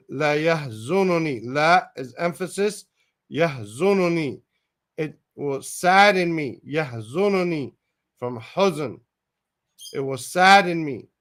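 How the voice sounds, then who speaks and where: A man's voice: on the high side, fairly bright tone. A man teaching a word-by-word Quran translation lesson, repeating each Arabic word and glossing it in English, with tentative asides as he thinks aloud.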